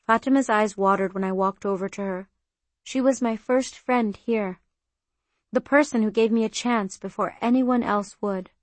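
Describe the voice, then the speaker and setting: A woman's voice: mid-range voice, no room sound. Woman narrating an audiobook, dry and close. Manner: even, measured first-person reading. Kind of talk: scripted narration. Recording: very dry close studio sound.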